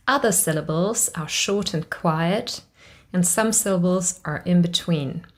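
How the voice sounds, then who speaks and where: Woman, lowish voice, unhurried, clear pronunciation lesson. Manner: clear teaching delivery, drawing out example words. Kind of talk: instructional pronunciation video.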